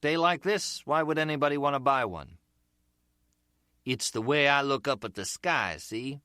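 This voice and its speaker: A man's voice: medium pitch, normal speed, pushed and bright, clean tone, no room sound, clean studio sound, voice pushed up, natural voice. A man voicing a middle-aged, easygoing street hustler who sells umbrellas and talks in a chatty, slangy way.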